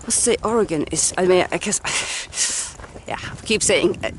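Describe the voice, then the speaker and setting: A woman's voice: on the low side, measured pace, slight background noise. A chatty woman narrating a hiking vlog outdoors on a mountain trail into a handheld camera, laughing often. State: cold from icy water. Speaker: hiking vlogger.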